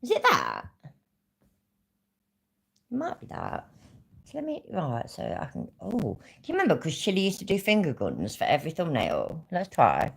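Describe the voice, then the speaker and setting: A woman with a very deep voice talks over a video she is reacting to. She swears freely and speaks bluntly. Her pitch moves a lot as she talks. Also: huge pitch swings, moderate pace, vocal fry, long pauses, slightly rough. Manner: swearing, blunt, laughs often. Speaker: commentary streamer. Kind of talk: reaction commentary on a played stream.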